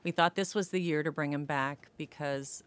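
A woman's voice: low voice, steady tone, moderate pace, clear, resonant tone. A woman guest on a radio show, enthusiastically describing festival entertainment. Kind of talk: casual interview chat.

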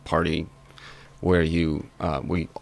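A man's voice: very deep voice, little pitch movement, slow, vocal fry. A man, a guest musician, talking in a casual interview in a friendly, eager way.

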